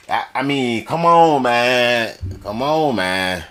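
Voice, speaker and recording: A man hosting a reaction video, loud and animated, often shouting and laughing. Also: mid-range voice, takes it slowly.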